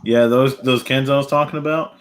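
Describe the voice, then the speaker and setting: An easygoing man trades jokes on a casual live stream and swears freely. His voice sits at an average pitch. A faint hiss runs under the audio. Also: fairly even intonation. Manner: easygoing, swearing, quick to laugh. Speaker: panel guest. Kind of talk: casual chat.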